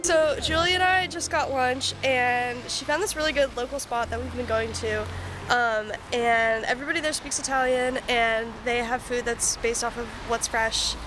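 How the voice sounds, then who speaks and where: A woman's voice: on the high side, steady tone, normal speed, over music. A young woman chatting casually as she vlogs her week as a student abroad, bubbly and full of "like". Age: young adult. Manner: bubbly, chatty, frequent "like" and laughs. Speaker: vlogger, study abroad student. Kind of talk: casual vlog narration.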